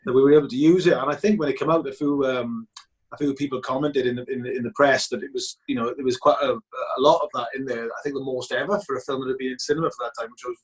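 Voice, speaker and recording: A man, a film director telling stories in a casual interview, animated and chatty, with frequent restarts. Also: mid-range voice, quick pace. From Wales. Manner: animated, chatty, many restarts and re-enacted quotes.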